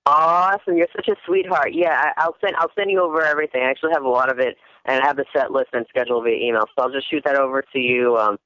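Young man with a Jersey accent, guest on a radio show, laid-back and cheerful, bright tone, dull lo-fi sound. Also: mid-range voice, steady tone, racing, few pauses, no room sound. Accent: New Jersey. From New Jersey. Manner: easygoing, upbeat, laughs often. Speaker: guest musician promoting his work. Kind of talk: casual radio interview chat.

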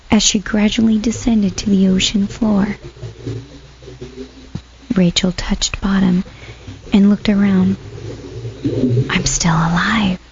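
Soft, slow-reading woman storyteller. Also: medium pitch, muffled recording, slight background noise. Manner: soft, unhurried, sometimes whispery. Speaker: narrator. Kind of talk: scripted storybook narration.

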